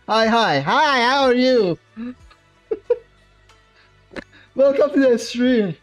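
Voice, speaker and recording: A man from Iran speaks English with a Persian accent, chatting playfully with viewers during a game stream. His pitch swoops and leaps about while his pace stays slow and easy. Faint background music plays under his voice. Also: expressive, a bit bright. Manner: laughs often, playful banter with chat. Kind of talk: casual game livestream chat.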